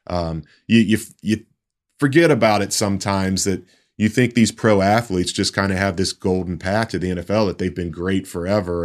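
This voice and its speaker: A sports reporter talking in casual podcast chat, telling a story in a halting way with many restarts. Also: male voice, low voice.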